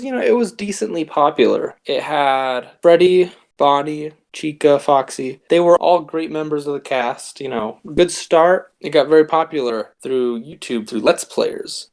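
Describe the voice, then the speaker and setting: Young guy hosting a comedy podcast, gravelly fry in his voice, rambly, keeps restarting sentences. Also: on the high side, unhurried, few pauses. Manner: rambling, self-interrupting, deadpan jokes. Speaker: podcast host.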